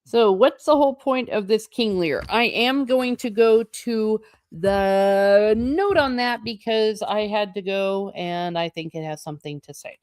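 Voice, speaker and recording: A woman's voice: medium pitch, measured pace, few pauses, a little mellow, no room sound, studio quality. A woman reading a novel aloud and breaking off for casual, chatty comments, laughing often as she reacts to the text. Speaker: book channel host.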